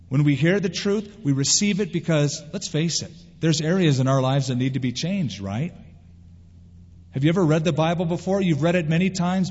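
A man preaching a sermon, his voice sitting a little high and slightly husky. He is animated and slips into little quoted voices as he goes. The sound is dull and lo-fi, with long reverb trailing off a big hall. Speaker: pastor. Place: church sanctuary.

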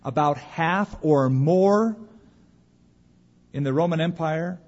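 A man preaching a sermon as pastor, emphatic, slowing for weight and dropping to a hush at the ends of phrases. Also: on the high side. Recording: dull lo-fi recording.

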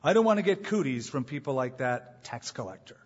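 A man's voice: medium pitch, lively intonation, brisk, husky, in a large hall, dull audio. A man doing a smug boastful Pharisee. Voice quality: smug, self-satisfied. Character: smug self-righteous male Pharisee, boastful.

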